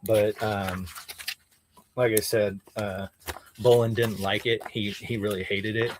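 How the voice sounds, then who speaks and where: A man co-hosts a casual podcast about comic books, enthusiastically explaining details and peppering his talk with "like" and "dude." His voice is lowish and level, and his pace is slow. There's slight background noise.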